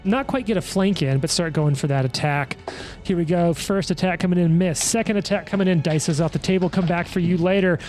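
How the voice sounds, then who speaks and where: A man running a tabletop game as game master, calling attacks and damage in a quick, auctioneer-like play-by-play. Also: high-pitched, darkish tone, faint music behind.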